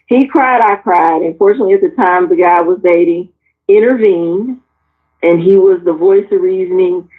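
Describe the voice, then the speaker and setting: A woman in her forties, frank and animated, telling personal stories on a talk panel and swearing freely as she acts out the people in them. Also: lowish voice, moderate pace. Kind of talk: candid personal storytelling. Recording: tinny phone-like sound.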